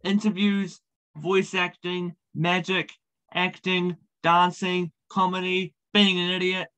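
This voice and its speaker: New man with a higher voice. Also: flat delivery, slow, bright, forceful tone, clean tone, low-quality recording. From New Zealand. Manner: chatty with frequent ums and uhs. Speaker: podcast host being interviewed. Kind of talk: casual interview chat.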